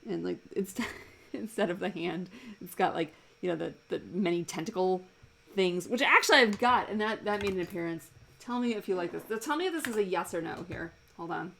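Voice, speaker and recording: Chatty woman streamer drawing live, voice sits low with a gravelly edge; amused, rambling asides. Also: fairly quick, a bit bright, a little hiss or hum, poor audio. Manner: chatty and amused, laughs often, rambles between thoughts. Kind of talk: casual chat while drawing live. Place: home desk.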